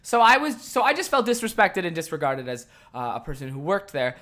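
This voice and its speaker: A man hosting a podcast, telling a work story in a heated, profane rant that swings between loud outbursts and low muttering, laughing at himself along the way. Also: very animated, brisk. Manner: self-deprecating, laughs at himself. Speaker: podcast host. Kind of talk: casual ranting monologue.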